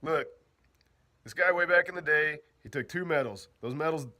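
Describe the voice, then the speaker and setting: A man's voice: a little high, moderate pace, pushed and bright. A man casually joking his way through an explainer, laughing and acting out bits in silly voices. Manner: goofy, laughing, slangy, acts out bits in voices. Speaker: off-grid living vlogger.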